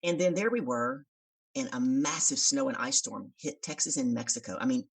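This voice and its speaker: A woman with a very low, gravelly voice, telling a story with lively swings of pitch and acting out the voices in it. She sounds husky and set back from the microphone. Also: normal speed, distant mic. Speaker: podcast guest, business coach. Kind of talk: animated storytelling in conversation.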